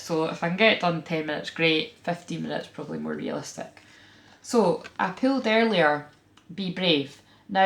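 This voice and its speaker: A Scottish woman talks through a spiritual reading in a frank, animated, chatty way, full of fillers and quick asides. Her voice sits on the low side and carries a gravelly, fry-tinged edge. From Scotland. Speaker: tarot reader and spiritual channeler. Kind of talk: casual spiritual vlog talk.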